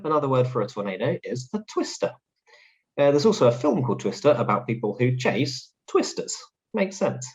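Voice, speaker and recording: A man hosts a lesson, explaining words clearly and cheerfully. His voice rises and falls in a very lively way. The recording sounds a little dull and lo-fi. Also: mid-range voice. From London. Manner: clear, explanatory, upbeat teaching tone. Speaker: English teacher host. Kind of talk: English vocabulary lesson.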